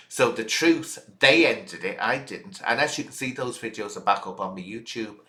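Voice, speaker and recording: A man's voice: fairly low pitch, lively intonation, moderate pace, few pauses, pushed and bright, reverberant. A man hosting a reaction video, scolding his critics in an indignant, direct rant. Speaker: channel host.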